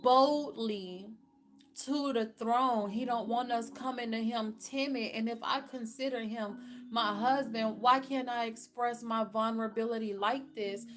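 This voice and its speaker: A woman's voice: a little high, steady tone, unhurried, fairly bright tone. A woman giving a candid personal faith testimony, earnest and frank, repeating phrases for emphasis. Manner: speaks to God plainly and frankly. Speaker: faith vlogger.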